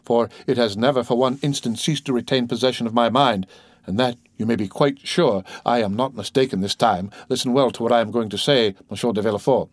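A man's voice: mid-range voice, fairly quick, no room sound, studio quality, natural voice. A man voicing a grave male doctor who asks curt, commanding questions.

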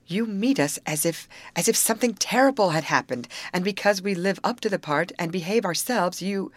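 A quick-tempered, spirited teenage girl, as a woman reader puts her on, lively and sharp-tongued. She is pitched above the reader's own low voice. The sound is dry and close, with no room echo. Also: close to an everyday voice. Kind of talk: audiobook character voice.

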